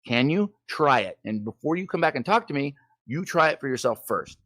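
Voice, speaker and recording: A man's voice: mid-range voice, big pitch swings, brisk, a bit bright, dry recording. A man calling into a show, talking in a ranting, swearing, heated way, then apologizing for it. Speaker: caller. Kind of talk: casual call-in chat.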